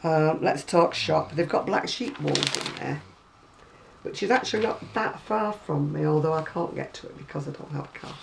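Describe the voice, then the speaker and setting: Chatty British woman with a creaky voice. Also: sits low, normal speed, noisy background. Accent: British English. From Britain. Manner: chatty, rambling, wry asides. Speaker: crochet vlogger. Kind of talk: casual chat showing magazines. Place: at home.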